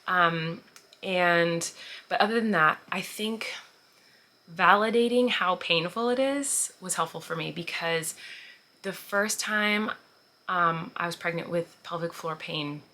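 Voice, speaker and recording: Chatty low-voiced woman vlogger. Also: slow, bright, forceful tone. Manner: chatty, frequent "like" and "um", laughs while talking. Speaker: vlogger answering viewer questions. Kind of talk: casual chat.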